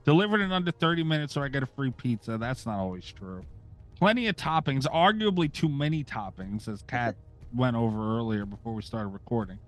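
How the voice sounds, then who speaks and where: A man's voice: medium pitch, animated, fairly quick, soft background music. A middle-aged man hosting a podcast, chatting casually, ranting sarcastically and swearing freely. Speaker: podcast host.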